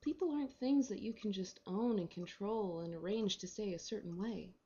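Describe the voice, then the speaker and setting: Casting: a preachy, patronizing young woman friend, as a woman puts her on, mellow and low, muffled home recording. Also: normal speed, husky.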